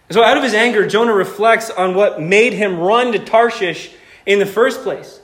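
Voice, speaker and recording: High-voiced, animated male preacher. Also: normal speed. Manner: animated, conversational, joking. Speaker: pastor. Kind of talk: sermon.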